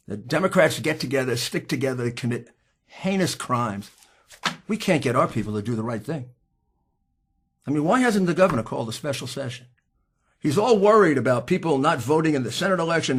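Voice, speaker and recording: Husky man giving a fiery speech. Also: medium pitch, animated, quick pace. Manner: emphatic, combative, rising to shouts. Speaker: speaker at a political hearing. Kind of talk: impassioned political speech.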